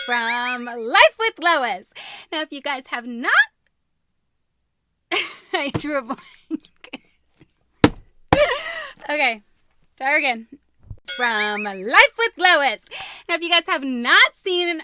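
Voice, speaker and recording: A woman's voice: sits high, lively intonation, a little slow, long pauses, background noise. A woman hosting her own vlog, chatting casually to camera, bubbly and laughing at her own flubbed lines as she retakes them. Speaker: vlog host.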